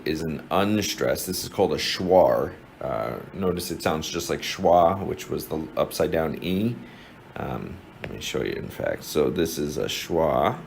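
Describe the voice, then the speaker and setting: Here a teacher with a New Jersey accent, from New Jersey, USA, walks through an informal lesson one step at a time, restarting often and leaning on fillers. His deep, gravelly voice has a darkish tone. The rough recording carries a little hiss or hum.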